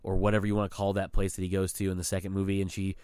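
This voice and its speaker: A man co-hosting a podcast, laying out a movie argument in an animated way and checking for agreement often. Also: low voice, racing, clean tone, no room sound, clean studio sound. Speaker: podcast co-host. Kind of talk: casual movie review chat.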